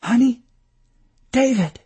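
A man's voice: sits high, animated, moderate pace, warm tone, husky, voice pushed up, full character voice. A man voicing a worried, loving wife who pleads and comforts in a raised, tender tone. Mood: pleading.

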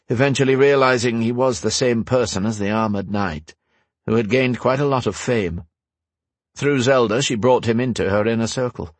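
A man voicing a proud, battle-worn older knight in a storybook reading, telling his past in a steady, confessional way. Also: mid-range voice, husky, dry recording. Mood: confiding.

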